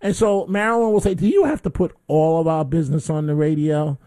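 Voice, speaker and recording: A man hosting a call-in radio talk show, telling a story in a lively way and acting out his own shouts. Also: fairly high pitch, a little fast, no room sound, clean studio sound. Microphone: studio microphone.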